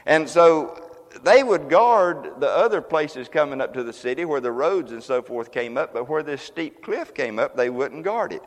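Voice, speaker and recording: A man preaching a sermon as pastor, folksy and conversational, now and then breaking into loud exclamations. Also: on the high side, lively intonation, normal speed, long reverb tail. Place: church sanctuary.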